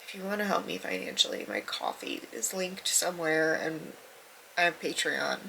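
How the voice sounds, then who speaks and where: A woman's voice: low-pitched, very animated, moderate pace, vocal fry, pushed and bright, slight background noise, poor audio. A young woman talking candidly to camera in a casual book vlog, her voice stuffy from crying, self-deprecating and swearing freely, sometimes dropping to a near-whisper. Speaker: book vlogger.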